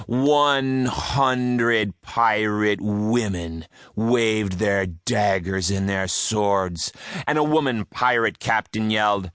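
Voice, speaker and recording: A man's voice: lowish voice, a bit bright, clear, resonant tone, dry recording, clean studio sound. A man narrating a rhyming children's audiobook with a rhythmic, sing-song delivery. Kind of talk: reading a rhyming story aloud.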